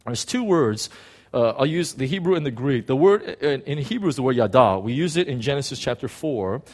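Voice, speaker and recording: A man preaching a sermon in an animated way, acting out biblical figures, with frequent restarts. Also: medium pitch, a little fast. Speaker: pastor.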